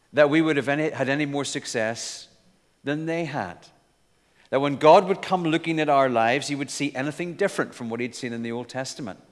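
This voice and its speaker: Earnest male preacher in a reverberant hall. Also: on the high side. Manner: earnest, emphatic, with asides. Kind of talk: sermon.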